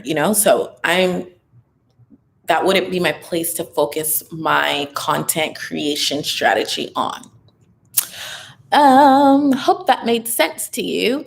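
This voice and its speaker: A woman's voice: lowish voice, creaky. A young woman casually chatting on a livestream Q&A, upbeat and advice-giving, a bit tired and loopy, with plenty of fillers. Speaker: online business content creator hosting a live Q&A.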